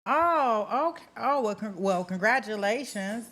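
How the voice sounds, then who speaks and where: A woman's voice: fairly high pitch, animated, measured pace, fairly bright tone. A middle-aged woman hosting a livestream, chatting casually with her viewers, reading out and answering their comments by name and often breaking into laughter. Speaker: livestream host. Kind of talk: casual chat with live viewers.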